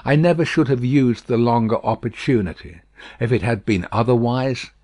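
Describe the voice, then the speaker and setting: A man's voice: medium pitch, normal speed, darkish tone, no room sound, lightly acted. A man reading an audiobook, voicing a desperate, commanding man in a prison cell who speaks urgently and sternly.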